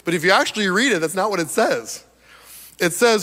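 Speaking a little fast, a preacher with a high, slightly husky-hoarse voice gives a lively sermon, laughing softly between his points. His voice echoes with the long reverb of a big hall.

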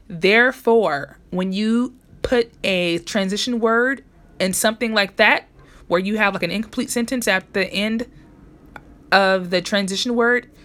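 A woman explains grammar rules to her listeners in a relaxed, conversational way. She stops to correct herself and addresses the audience directly. Her voice sits at an ordinary middle pitch. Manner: chatty, self-correcting, talks to listeners directly. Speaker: podcast host teaching grammar. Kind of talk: casual teaching monologue.

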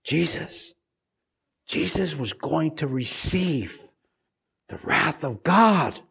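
High-voiced man preaching a sermon. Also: lively intonation, slow, vocal fry, fairly bright tone, breathy edge. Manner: earnest, repeats words when stressing a point.

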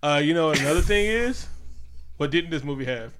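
A man with a bright, forward voice chats loosely about a film, rambling and swearing as he goes. He is animated and keeps slipping into quick impressions of the characters. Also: a little high, a little hiss or hum. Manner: animated, profane, slips into impressions. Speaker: podcast co-host. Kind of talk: casual movie review chat.

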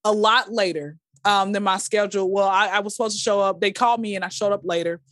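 A woman, a podcast guest, telling stories in a casual, animated way and acting out quotes in a high voice. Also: no room sound, studio quality. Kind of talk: casual storytelling chat.

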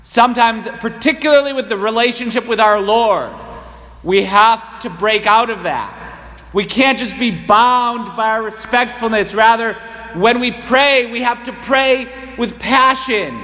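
Priest, New England accent, high-pitched, conversational homily, church reverb. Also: male voice, fairly bright tone. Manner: conversational, rising into impassioned cries.

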